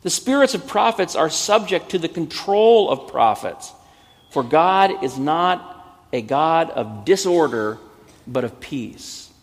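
Man in his fifties, pastor, earnest sermon, gravelly husky voice, long hall reverb. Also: a little high, very animated, slow. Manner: earnest, pleading, builds to emphatic peaks.

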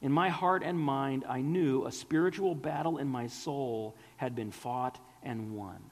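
A man's voice: medium pitch, a little slow, long reverb tail. A man preaching a sermon, earnest and pleading, sometimes dropping to a whisper.

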